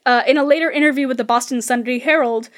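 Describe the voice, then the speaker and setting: A woman's voice: high voice, fast. A woman co-hosting a podcast in a casual, chatty way, reading sources aloud as she tells a history story. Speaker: podcast co-host.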